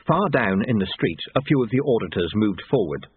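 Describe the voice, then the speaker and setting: A man narrating an audiobook in an expressive, wide-ranging way. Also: fairly low pitch, fairly quick, slightly rough. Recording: tinny lo-fi phone-like audio.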